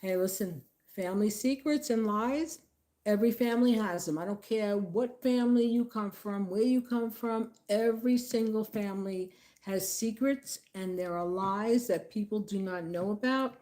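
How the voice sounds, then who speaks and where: A woman telling family gossip in a casual vlog, chatty and laughing, acting out what others said in lively voices. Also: medium pitch, normal speed. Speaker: vlogger. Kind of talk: casual storytelling monologue.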